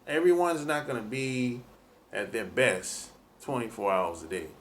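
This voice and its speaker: A man's voice: medium pitch, measured pace, slight background noise. A man giving dating advice in a laid-back, rambling monologue full of "you know".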